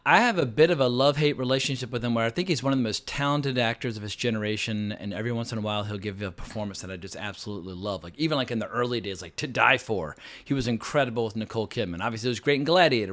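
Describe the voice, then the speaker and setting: Guy ranting about a movie, mid-pitched, rambly, curses a bit. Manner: rambling, candid, swears, lively outbursts. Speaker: film reviewer. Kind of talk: casual film review monologue.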